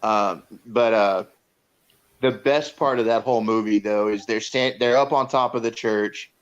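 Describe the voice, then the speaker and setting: A man's voice: fairly low pitch, a little slow, clean tone. A man co-hosting a casual movie review, retelling scenes in a rambling way with many fillers and restarts. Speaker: podcast co-host reviewing a movie. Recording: dull lo-fi sound.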